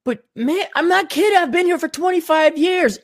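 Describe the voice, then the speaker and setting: A man's voice: extremely high pitch, normal speed, no echo, studio quality. A man hosting a podcast, ranting with profanity and sarcasm and reading out viewer donations. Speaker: podcast host.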